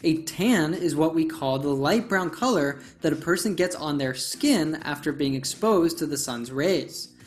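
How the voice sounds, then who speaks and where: Lively-voiced woman explaining an English lesson. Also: low voice, measured pace, few pauses, faint music behind. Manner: clear, explanatory, stresses key words. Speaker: English teacher. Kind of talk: scripted lesson narration.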